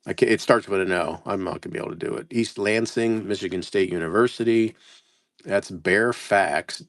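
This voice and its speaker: A man's voice: fairly low pitch, moderate pace, no room sound, studio quality. A man running a casual live sales stream, reading out place names and stumbling over how to say them, self-mocking. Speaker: live-stream postcard seller.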